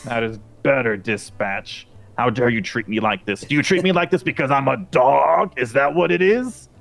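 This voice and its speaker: A man's voice: medium pitch, normal speed, gravelly, a bit bright. A man voicing a pompous, irate female police dog lieutenant who scolds and demands respect, in a tabletop game. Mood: indignant.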